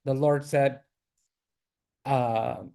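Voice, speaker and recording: A man teaching a class in a mosque, reading Arabic verses rapidly and then explaining them. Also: medium pitch, steady tone, gravelly, dark tone, clear, resonant tone.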